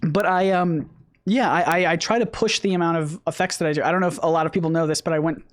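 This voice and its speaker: A man's voice: fairly high pitch, fairly even intonation, quick pace. A man hosting a casual live stream, talking in a rambling way with many restarts, his voice a little worn. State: losing his voice. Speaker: host.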